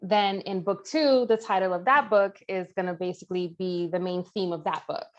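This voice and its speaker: A woman's voice: mid-range voice, steady tone, moderate pace. Chatty woman author, dull lo-fi sound. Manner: chatty, eager, repeats herself. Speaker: author guest. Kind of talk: casual chat.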